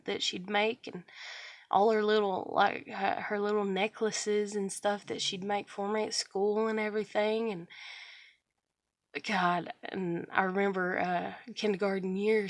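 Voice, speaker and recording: A woman's voice: medium pitch, dry recording. A woman in her thirties rambling through a bitter, profane confessional monologue about her life. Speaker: vlogger sharing personal stories.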